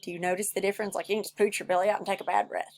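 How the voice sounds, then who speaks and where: A woman's voice: mid-range voice, level tone, racing, darkish tone, slight background noise. A woman music teacher giving a recorded lesson for children, patient and encouraging, who shows each step by singing it herself. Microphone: recorded at home for a video lesson.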